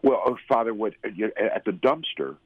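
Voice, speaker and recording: A man's voice: on the low side, lively intonation, fairly quick, no echo. A man earnestly and emotionally telling his personal story as a guest. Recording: tinny phone-like sound.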